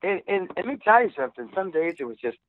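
A man's voice: high voice, sing-song, fast, dry recording. A man who plays rock music, telling stories in a casual interview, rambling with many restarts. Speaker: musician guest. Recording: tinny phone line.

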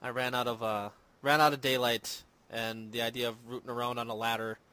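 Brief: male podcast host, mid-pitched, chatty and rambling, easygoing. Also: little pitch movement, brisk, bright, forceful tone. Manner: rambling, self-deprecating, lots of fillers. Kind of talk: casual chat. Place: home in Minnesota.

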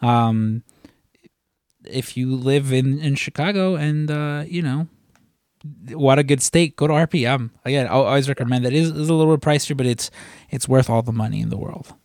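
A male podcast co-host chats casually, rambling with lots of fillers and restarts. His medium-pitched voice is a little mellow and moves at a moderate pace, recorded with clean studio sound and no room sound.

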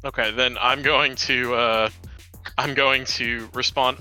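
A man's voice: mid-range voice, steady tone, slow, bright, forceful tone, faint music behind. A man in a casual tabletop role-playing game, playful and jokey. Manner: playful, jokey, speaks in his character's voice. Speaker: player.

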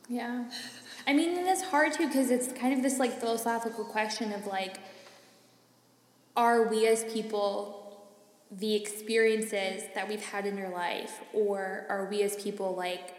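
Young woman, podcast co-host, casual chat, chatty, laughs often, echoey room, long reverb. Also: medium pitch.

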